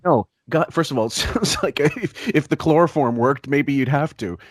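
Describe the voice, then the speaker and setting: A man hosting a podcast in casual chat, laughing often, swearing freely and dropping his voice low for asides. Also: normal speed, dry recording. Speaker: podcast host.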